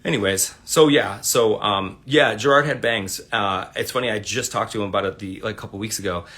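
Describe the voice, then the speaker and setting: A man's voice: fairly low pitch, fairly quick, a bit bright. A man telling a long, rambling, profanity-laced story in a laid-back, casual way while talking into his phone on a livestream. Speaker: livestream host.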